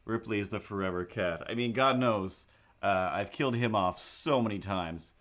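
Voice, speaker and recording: A young man with a lowish voice rambles through casual livestream chat, cracking self-deprecating jokes as he fiddles with his setup. He talks in a loose, unscripted way, full of asides. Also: normal speed, fairly bright tone. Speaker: livestream host. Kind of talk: casual chat while setting up a drawing stream.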